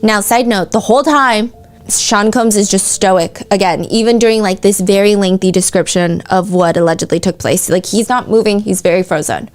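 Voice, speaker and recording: A woman narrates true-crime courtroom testimony in a casual podcast manner. She reads the questions and answers aloud and breaks in with chatty asides. Her voice sits at an ordinary middle pitch for a woman. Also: moderate pace. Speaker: podcast host.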